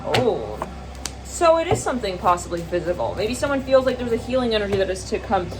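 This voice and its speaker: A woman giving a casual, rambling tarot reading to camera, chatty and quick to laugh, slipping into high squealing voices when she quotes people. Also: sing-song. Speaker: tarot reader.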